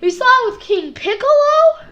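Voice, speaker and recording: A woman with a very high, expressive voice that sounds pushed and bright casually reviews an anime episode. She rambles with lots of fillers and acts out quick impressions of bits of dialogue. The sound quality is lo-fi.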